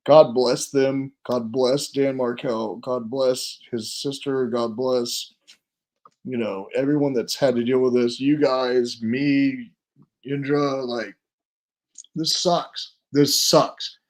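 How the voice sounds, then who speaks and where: A man, a guest witness on a podcast interview, speaking haltingly and emotionally, with self-deprecating asides. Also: medium pitch, fairly even intonation, a little mellow.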